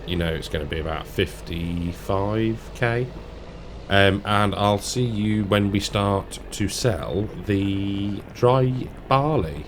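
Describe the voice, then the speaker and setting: A man's voice: sits low, a little hiss or hum. A man from England giving casual, rambling commentary while playing a farming game, chatty and self-deprecating. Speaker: gaming channel host. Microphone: desk mic with headphones.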